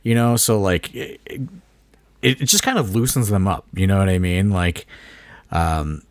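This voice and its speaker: A man's voice: sits low, lively intonation, measured pace, no echo. A man co-hosting a casual podcast, rambling and leaning on filler phrases like "you know" and "like". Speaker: wrestling promoter and podcast co-host.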